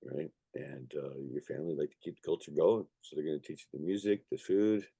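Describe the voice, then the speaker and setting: A man's voice: a bass voice, fairly quick, vocal fry, mellow, breathy edge, dry recording. A man born in Ireland and raised in Canada, talking casually as an interview guest, rambling and profane with many restarts. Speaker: musician guest.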